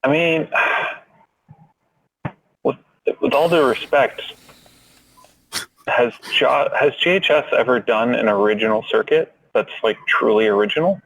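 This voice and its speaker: A man's voice: medium pitch, a little slow, gravelly, long pauses, a bit bright, poor audio. A man co-hosting a podcast, chatting casually in a wry, skeptical way. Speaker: podcast co-host. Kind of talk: casual chat.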